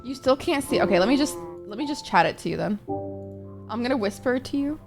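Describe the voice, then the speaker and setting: A woman's voice: on the high side, animated, fairly quick, music in the background. A woman streaming a game live, chatting casually with her viewers, swearing often and reacting to chat.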